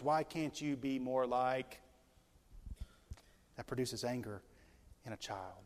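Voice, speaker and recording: A man preaching a sermon as a pastor, emphatic and stretching key words slowly for weight. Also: mid-range voice, a little mellow. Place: large church sanctuary. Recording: long reverb of a large hall.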